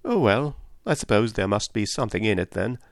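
A man reading an audiobook plays an agitated, proud country gentleman who blusters and pleads by turns, raising his voice. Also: lowish voice, expressive, a little fast, dry recording, studio quality. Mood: grumbling.

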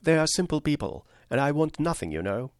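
A man's voice: a little high, sing-song, brisk, no room sound, clean studio sound, pitched above the performer's own voice. A man voicing an earnest, anxious young sailor who talks eagerly with a slight stammer, in an audiobook reading. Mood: earnest worry. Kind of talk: audiobook character voice.

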